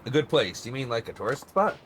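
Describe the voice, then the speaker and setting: A man's voice: medium pitch, sing-song, fairly quick, a bit bright, a little hiss or hum. A blunt male tour guide, read by a man in his own voice, tossing out dry, sarcastic remarks. His delivery stays wry and plainspoken.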